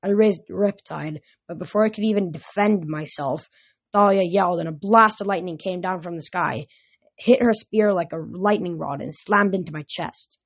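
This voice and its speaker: A woman narrating a novel aloud in a plain, steady reading voice. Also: on the low side, moderate pace, slightly rough.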